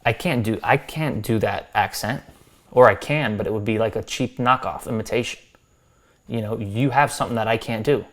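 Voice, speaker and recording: A man's voice: lowish voice, a little fast, fairly bright tone. An American man reviewing subscribers' music, talking loosely with restarts and friendly advice. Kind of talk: casual spoken critique.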